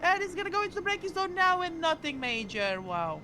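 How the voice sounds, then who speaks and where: A high-voiced woman calls a virtual motor race live, excitable and tripping over her words as she corrects herself mid-sentence. Loud noise sits steadily under her voice throughout. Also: fairly quick. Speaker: race commentator. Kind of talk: live sim racing commentary.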